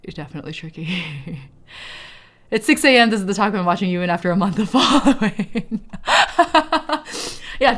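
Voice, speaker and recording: A woman streamer chatting casually, reading chat messages aloud and laughing often. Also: fairly high pitch. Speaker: live streamer.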